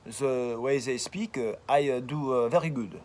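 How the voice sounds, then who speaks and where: An American man imitating a French speaker struggling through English, with a put-on French accent and constant "uh" pauses, speaking outdoors. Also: mid-range voice, a little mellow, close to an everyday voice. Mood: halting. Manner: slow, halting, full of "uh" pauses.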